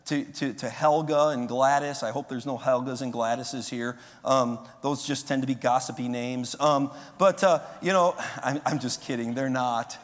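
A pastor in his forties preaching a sermon in a conversational way, with loud emphatic bursts. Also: mid-range voice, steady tone, normal speed. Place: church sanctuary. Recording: long hall reverb.

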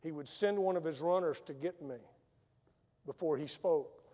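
A man's voice: a little high, normal speed. Dramatic man preaching in a reverberant hall. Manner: dramatic storyteller, swinging from loud emphasis to hushed soft lines. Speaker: missionary preacher. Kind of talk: sermon with personal storytelling. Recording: long reverb of a large hall.

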